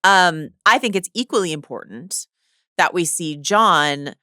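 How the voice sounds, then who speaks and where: Low-ish bright voice, woman cohost cracking dry jokes about a tv show. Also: lively intonation, a little slow, dry recording. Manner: wry, dry jokes and playful critiques. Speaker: podcast co-host. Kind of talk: casual pop-culture podcast chat.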